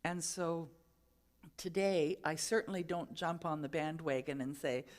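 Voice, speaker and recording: Gentle woman minister. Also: sits low, steady tone, a little slow. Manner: gentle, conversational storytelling. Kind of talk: sermon.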